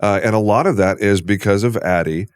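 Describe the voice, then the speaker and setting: A man's voice: lowish voice, fairly quick, clean tone, no room sound, studio quality. Friendly man co-hosting a podcast. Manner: friendly, uses analogies, frequent short affirmations. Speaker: podcast co-host. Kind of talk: casual interview chat. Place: podcast studio.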